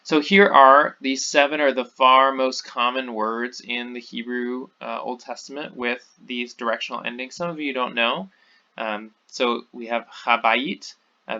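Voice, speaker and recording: A man talks through a recorded lecture in a loose, unscripted way, full of ums and false starts. His voice is gravelly with a bright edge, and the audio sounds dull and lo-fi. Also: medium pitch. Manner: informal, many fillers and restarts. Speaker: teacher.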